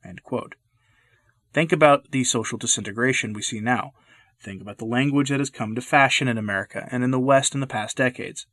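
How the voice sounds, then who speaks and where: Man reading measured commentary, dry sound. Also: mid-range voice, a bit bright, no echo. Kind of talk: scripted commentary narration.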